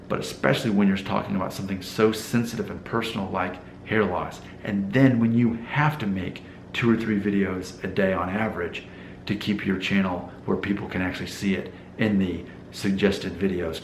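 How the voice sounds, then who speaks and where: A man with a faint Southern accent rambles through a casual vlog, tossing rhetorical questions at his audience. His low voice has a gravelly edge. The room is echoey and there is a faint hiss of noise behind him. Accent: mild Southern US. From Alabama, US South. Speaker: hair loss YouTuber. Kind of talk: casual vlog monologue to camera.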